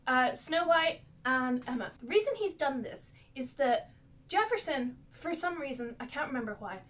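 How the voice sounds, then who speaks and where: Woman, high voice, casual TV recap, rambling, chatty, fillers like "like". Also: fairly bright tone. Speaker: vlogger.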